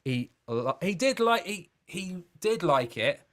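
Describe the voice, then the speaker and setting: Chatty man, higher voice. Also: slow pace. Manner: chatty, laughing, excitable. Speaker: co-host. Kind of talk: casual live chat show.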